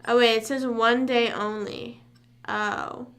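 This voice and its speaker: A young woman rambles casually to her livestream chat. Her voice sits a little high and sounds bright and forceful. She wanders off topic and hums to herself between remarks. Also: steady tone, slow. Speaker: livestream host.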